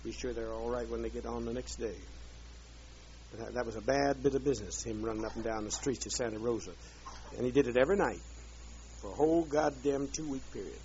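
A man's voice: mid-range voice, slight background noise. A man leading a group, ranting in a bitter, profane, drawling way. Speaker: leader addressing a group. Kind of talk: angry profane rant. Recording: dull lo-fi archive tape.

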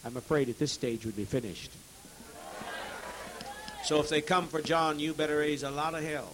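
A man preaching to a congregation, swinging between loud, forceful outbursts and hushed, heavy tones, repeating phrases to exhort his listeners. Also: a little high, fairly even intonation, moderate pace, pauses often, background noise. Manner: repetitive, exhorting. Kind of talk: impassioned sermon.

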